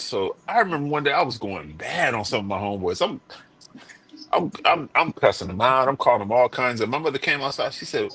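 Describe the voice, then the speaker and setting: A man's voice: medium pitch, big pitch swings, brisk, fairly bright tone, breathy edge. A man on a live-streamed panel, talking bluntly and swearing freely as he tells stories and acts out other people's lines. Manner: blunt, profane storyteller who acts out quotes. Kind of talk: casual debate chat.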